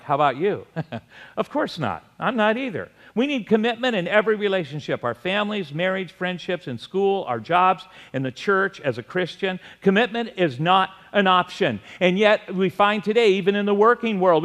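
A middle-aged man preaching a sermon as pastor, telling stories in an animated way with shouted asides. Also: high-pitched.

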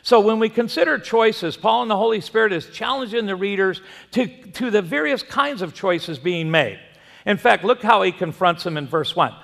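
A man's voice: high-pitched, expressive, moderate pace, creaky, a bit bright, big-room sound. A man preaching a sermon, telling a folksy story and asking the congregation questions. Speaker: pastor.

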